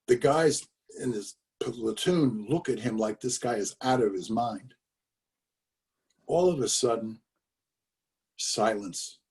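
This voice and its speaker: A man's voice: mid-range voice, expressive, a little slow, pauses often, darkish tone, far from the mic. An older man telling a family story in a conversational way, over a video call, with fillers and emphatic repetitions. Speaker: speaker telling his father's story.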